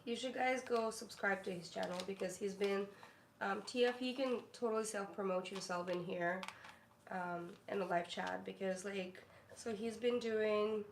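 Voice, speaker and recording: A woman's voice: medium pitch, fairly even intonation, normal speed. A woman streamer chatting casually and rambling, cooing to her dog between stories. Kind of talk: casual live-stream chat. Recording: echoey room with faint noise.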